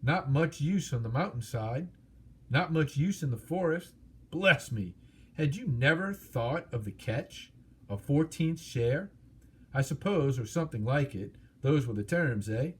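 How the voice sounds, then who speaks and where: A vast, proud old dragon boasts and mocks in a slow, husky voice, as a man reads him aloud. He savors each grand claim with wily menace, like a storybook villain. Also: mid-range voice, expressive. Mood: mocking.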